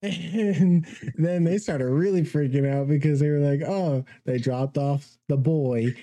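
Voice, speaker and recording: Dark-voiced young man telling a story. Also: on the high side, fairly even intonation, measured pace, dry recording. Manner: rambling, laughs through his own story. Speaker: podcast co-host. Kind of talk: casual storytelling.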